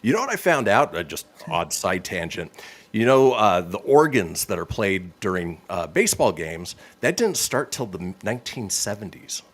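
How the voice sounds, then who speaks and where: A man's voice: on the low side, normal speed. A man hosting a radio show, reading this-day-in-history items with casual, joking banter. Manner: lively, laughs often.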